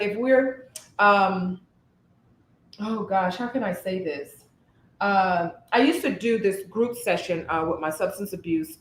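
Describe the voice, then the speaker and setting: Animated woman therapist in an echoey room. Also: medium pitch. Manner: animated, thoughtful, searches for words. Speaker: therapist and podcast co-host. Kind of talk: casual conversational podcast. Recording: roomy echo.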